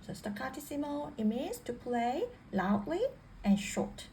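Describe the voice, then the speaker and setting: A woman's voice: high-pitched, expressive, measured pace, a little mellow, low-quality recording. A woman teaching piano technique in a patient way, repeating and rephrasing each point. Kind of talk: spoken instruction. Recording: faint piano music behind. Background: piano playing.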